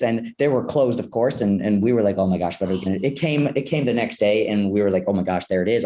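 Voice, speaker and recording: A young man, a podcast guest, telling an animated story and acting out his own past reactions. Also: mid-range voice. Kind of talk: energetic storytelling.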